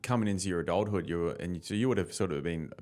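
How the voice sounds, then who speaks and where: A man's voice: sits low, fast, a little mellow. A man hosting a podcast, asking curious questions in a casual chat and laughing easily. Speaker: podcast host.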